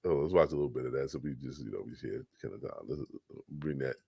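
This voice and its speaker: Deep gravelly laid-back man. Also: fast, no room sound, muffled recording. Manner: laid-back, stalls while cueing up a clip. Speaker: podcast co-host. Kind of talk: casual chat.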